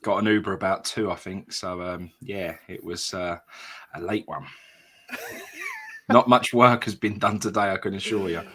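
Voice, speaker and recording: A man's voice: low-pitched, huge pitch swings, a little slow, fairly bright tone, slightly rough. A man chatting casually as co-host of a football fan show, telling stories laid-back and calling people mate. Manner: laid-back storytelling, says mate often. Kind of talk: casual chat.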